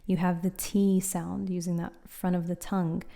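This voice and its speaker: Patient woman teaching throat sounds, mellow tone. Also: lowish voice, flat delivery, normal speed. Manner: clear, patient, demonstrates sounds aloud. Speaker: Quran recitation teacher. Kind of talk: instructional explainer.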